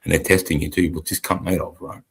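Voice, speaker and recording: His low, gravelly voice carries a breathy edge as he talks quickly in a level tone. The speaker is a forties-aged Australian army veteran and stream co-host, rambling through blunt war stories and swearing nonstop.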